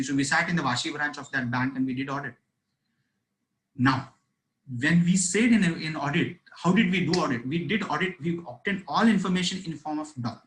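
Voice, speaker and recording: A man with an Indian accent gives a fast seminar lecture, switching between English and Hindi, with many fillers. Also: fairly high pitch, fairly bright tone, low-quality recording. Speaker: speaker at a professional seminar.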